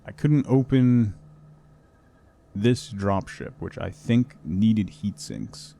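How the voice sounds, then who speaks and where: A man's voice: fairly low pitch, takes it slowly, gravelly, dark tone. A man streaming a video game, chatting casually as he plays and talking to his cat and his chat viewers. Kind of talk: casual gameplay commentary.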